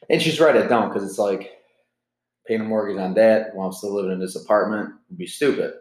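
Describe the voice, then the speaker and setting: A man's voice: lowish voice, fairly quick, darkish tone, reverberant, low-quality recording. A man in his twenties hosting a solo podcast, talking in a rambling, candid, profane way, jittery from caffeine. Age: 20s. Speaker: podcast host. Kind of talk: casual solo podcast monologue.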